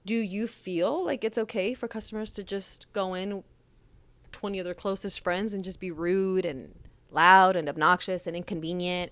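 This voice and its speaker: In a dry recording with no room sound, a young woman talks through a casual solo podcast monologue at a moderate pace in a mid-range voice. A restaurant server and former manager, she tells stories bluntly and sassily, with lively quoted voices.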